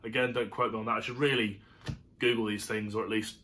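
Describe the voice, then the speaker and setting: A man's voice: fairly low pitch, level tone, fast talker, bright, forceful tone, slight background noise. A man giving a chatty, rambling match review to camera, full of fillers and asides. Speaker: football fan reviewing a match. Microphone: camera setup.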